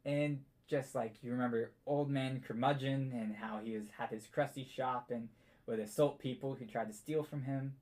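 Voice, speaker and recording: A man's voice: medium pitch, fairly even intonation, normal speed, darkish tone. Laid-back man narrating a tabletop game. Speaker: game master.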